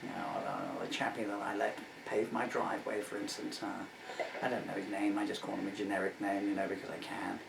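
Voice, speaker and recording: A man's voice: lowish voice, expressive, fairly quick, vocal fry, hardly any pauses, background noise. Rambling older man, roomy and distant. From England, of Irish family. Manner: rambling, self-mocking, full of asides. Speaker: singer-songwriter. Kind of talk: casual chat between songs. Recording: roomy room, distant mic, guitar.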